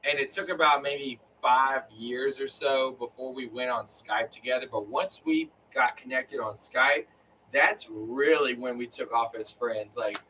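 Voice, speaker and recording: A man's voice: mid-range voice, measured pace, pushed and bright, recorded from a distance, slight background noise, rough recording. A man chatting casually on a live stream, rambling with lots of fillers. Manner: rambling, filler-heavy storytelling. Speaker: co-host of a live chat. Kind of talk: casual chat.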